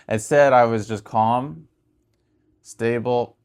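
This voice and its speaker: A man giving relationship advice in a casual talk to camera, speaking calmly and softly and letting his sentences trail off quietly. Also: medium pitch, normal speed. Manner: calm, soft-spoken, trailing off quietly; laughs and raises his voice when mimicking an argument.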